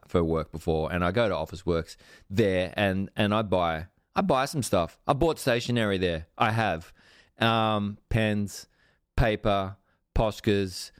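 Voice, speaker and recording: A man, hosting a podcast and telling a long sweary anecdote in an animated, self-mocking way. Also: on the low side, dry recording, clean studio sound. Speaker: podcast host. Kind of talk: casual storytelling.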